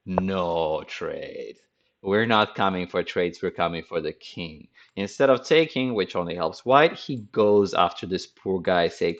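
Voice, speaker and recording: A man's voice: deep voice, animated, a little slow. A man commenting on a chess game as a teacher, with a playful, dramatic storytelling manner, on a dull lo-fi recording.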